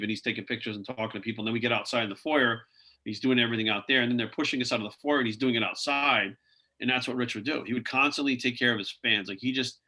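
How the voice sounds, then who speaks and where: A man speaking as a podcast guest, rattling off stories at a quick clip. His voice is bright and forceful, and he strings thoughts together with fillers like "like" and "you know". The talk is loose and conversational. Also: medium pitch. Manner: rambling anecdotes full of "like" and "you know". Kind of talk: casual interview storytelling.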